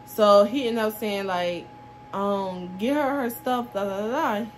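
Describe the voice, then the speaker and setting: A woman's voice: medium pitch, measured pace, slight background noise. A woman in her twenties telling a casual storytime vlog, acting out the quoted dialogue of everyone involved. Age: 20s. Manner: animated retelling that acts out quoted dialogue, with laughs.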